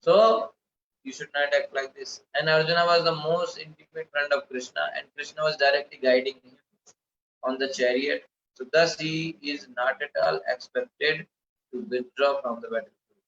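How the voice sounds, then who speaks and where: A man's voice: a little high, fairly bright tone, reverberant, muffled recording, a little hiss or hum. A man giving a scripture lecture, defining terms over and over and often correcting himself mid-sentence. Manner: explanatory, repeats and defines terms, frequent self-corrections.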